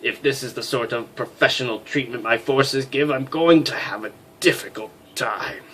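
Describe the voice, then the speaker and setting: A man voicing a haughty, stern female space major in a let's play, in a gruff low voice with a pompous, disdainful manner. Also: moderate pace, fairly bright tone, a little hiss or hum, lightly acted.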